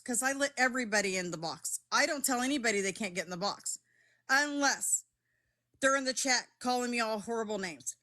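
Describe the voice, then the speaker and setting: Middle-aged woman streamer with a slightly high voice, defensive and blunt with chat, cursing freely. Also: fairly bright tone. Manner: heated, defensive, swears, talks straight to chat. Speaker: live streamer. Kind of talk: live-stream chat with viewers.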